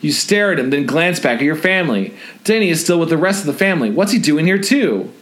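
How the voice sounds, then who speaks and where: A man's voice: on the high side, animated, quick pace, a bit bright. A man hosting a comedy podcast, reading an adventure book aloud with laughing asides. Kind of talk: comedic read-along with banter.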